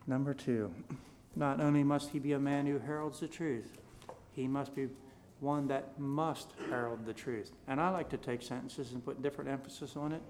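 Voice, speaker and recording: A man preaching a sermon, reading scripture aloud and swinging between soft, low asides and loud, emphatic repeated declarations. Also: a little hiss or hum. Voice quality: King James scripture read aloud in a rising, forceful cadence.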